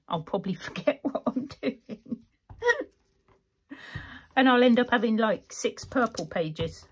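A woman's voice: medium pitch, husky. A woman chatting casually through a craft tutorial, rambling and laughing often as she works. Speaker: craft vlogger.

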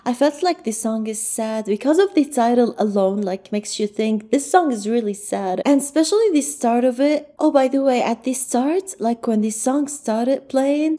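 List: woman, music reaction host, higher voice, mellow tone, earnest, gushing, close to tears. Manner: earnest and gushing, with many "like" fillers. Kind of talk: casual reaction commentary.

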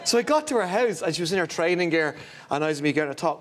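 A man with an Irish accent, a comedian guest telling a comic anecdote on a chat show in an excitable, breathless way, often laughing. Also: fairly high pitch, fast. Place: TV studio.

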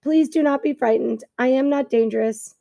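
A woman voicing a calm, polite female robot who speaks in plain, careful, formal sentences, in a read-aloud storybook. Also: sits high, normal speed, creaky, dry recording, clean studio sound.

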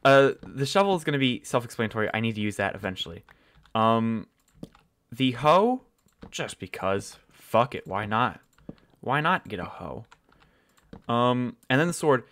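A man's voice: mid-range voice, lively intonation, normal speed, fairly bright tone. A man giving casual, rambling commentary while playing a building game, swearing often and losing his train of thought. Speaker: gaming channel host.

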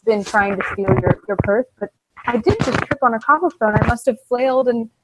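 A woman's voice: fairly high pitch, a little fast, very noisy, natural voice. Brief: woman playing frightened street-urchin girl, breathless pleas of innocence. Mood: pleading. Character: teary frightened young female street urchin.

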